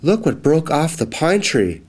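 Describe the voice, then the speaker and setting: A man voicing two small, cute, excitable mice in a children's storybook reading, with squeaky, excited exclamations. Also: measured pace.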